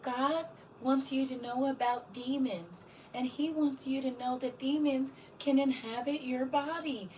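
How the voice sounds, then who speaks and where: A woman hosting a live stream and preaching casually, animated and teasing as she talks straight to her audience. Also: high voice, unhurried, distant mic, slight background noise. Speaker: livestream host preaching.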